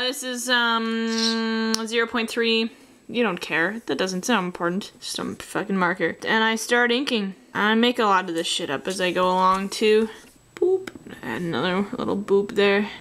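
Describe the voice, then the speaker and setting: A woman's voice: medium pitch, fairly bright tone, slight background noise. A young woman from Canada with a Canadian accent, talking casually and sarcastically while drawing, muttering self-mocking asides under her breath. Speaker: artist drawing tutorial host.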